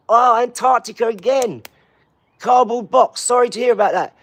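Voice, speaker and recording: High-voiced English man hyping a live stream. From England. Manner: energetic, shouting out places in quick bursts. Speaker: livestream host. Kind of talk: live-stream chat, reading out viewers' comments.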